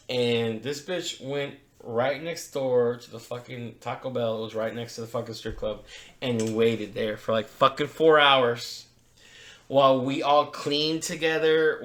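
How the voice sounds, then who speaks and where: A man's voice: mid-range voice, a bit bright. A man co-hosting a podcast, telling a long, profane story in casual chat. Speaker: podcast co-host. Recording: roomy echo.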